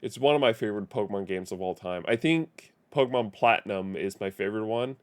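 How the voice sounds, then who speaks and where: Rambling man streamer, smooth voice. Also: fairly low pitch, a little fast, dry recording. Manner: rambling, self-correcting, chuckling. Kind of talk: casual live-stream chat. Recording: faint music behind.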